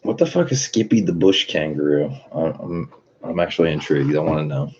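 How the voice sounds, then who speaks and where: A man's voice: very deep voice, fairly quick, a little mellow, slightly rough, dull audio. A man in his thirties streaming, chatting casually in a profane, laid-back way and laughing often. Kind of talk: casual chat.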